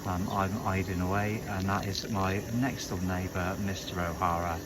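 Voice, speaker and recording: A man chatting casually as he vlogs a fishing trip, joking around in a relaxed way. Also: low-pitched, normal speed. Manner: chatty, jokey, laid-back. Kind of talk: casual vlog chat. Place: outdoors and in a car. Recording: lo-fi with noise.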